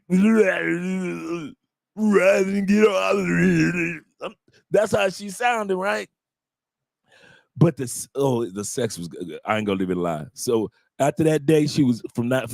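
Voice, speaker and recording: A man's voice: mid-range voice, darkish tone, no room sound, clean studio sound. A man with an American accent hosting a live stream, telling a loose, bawdy, joking story to his audience and acting out quotes along the way. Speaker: host.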